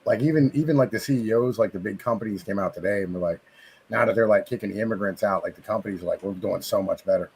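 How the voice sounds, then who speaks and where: A man's voice: fairly low pitch, fast talker, creaky, darkish tone, a little hiss or hum, poor audio. A man who drives trucks, talking bluntly in casual chat, packed with curses and fillers. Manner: heavy cursing, filler-laden, blunt.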